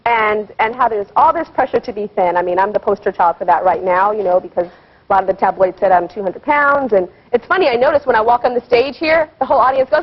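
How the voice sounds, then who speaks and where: A woman's voice: mid-range voice, fast talker. A woman hosting a talk show, asking questions in a playful, teasing way. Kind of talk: casual talk show interview. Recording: dull lo-fi TV broadcast audio.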